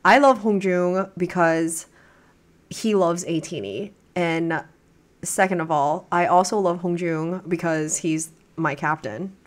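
A woman's voice: lowish voice, slow pace. A young woman reaction streamer chatting at home, gushing and rambling with many restarts. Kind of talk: casual chat.

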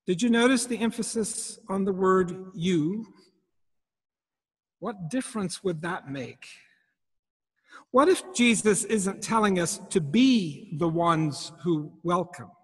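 Male preacher, unhurried, reflective questioning delivery; long reverb from the church. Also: high voice, lively intonation, husky. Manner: reflective, asks many questions. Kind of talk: sermon.

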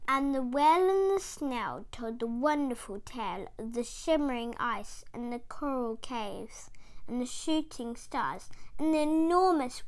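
Slow high-voiced woman reading a bedtime story. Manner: rhythmic rhyming read-aloud, lively character voices.

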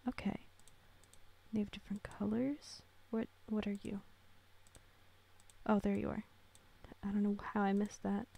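A woman's voice: mid-range voice, flat delivery, measured pace, vocal fry, long pauses, dark tone. A young woman giving casual, gushing commentary while playing a computer game, cooing over tiny characters. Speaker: gaming creator.

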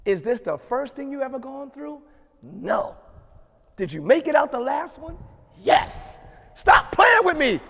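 High-voiced pastor preaching in a reverberant hall. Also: male voice, big pitch swings, measured pace, gravelly. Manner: preaches with rising shouted emphasis and repeated refrains. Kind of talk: sermon. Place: church sanctuary.

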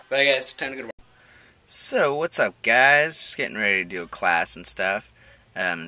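Rambling bright-voiced male vlogger. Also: sits low. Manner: rambling, many fillers. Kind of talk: casual vlog chat.

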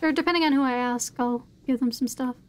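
A woman's voice: high voice, fairly quick. A young woman streaming a horror game, chatting casually with her chat and swearing now and then.

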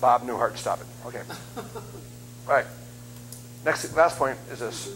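A man in his fifties preaching as a guest speaker, telling funny stories in an animated, self-deprecating way. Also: mid-range voice, unhurried, vocal fry, pauses often, a little hiss or hum, poor audio. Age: 50s. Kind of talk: humorous sermon storytelling. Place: church sanctuary.

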